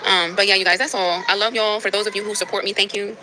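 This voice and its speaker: Brisk, bright-voiced nasal woman. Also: medium pitch, fairly even intonation, slight background noise, low-quality recording. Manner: emphatic and preachy, repeats phrases. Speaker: livestreamer. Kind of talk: casual livestream talk to viewers.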